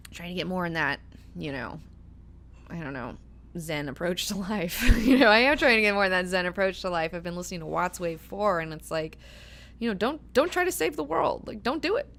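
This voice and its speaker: A woman's voice: lowish voice, fairly quick, a bit bright. A woman hosting a book club discussion, talking casually with many fillers and frequent swearing. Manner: chatty, filler-heavy, swears freely.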